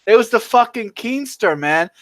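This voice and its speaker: A man's voice: very high-pitched, lively intonation, normal speed, fairly bright tone, no room sound. A man in profane casual chat on a stream, telling crude, heated stories and laughing through his rants.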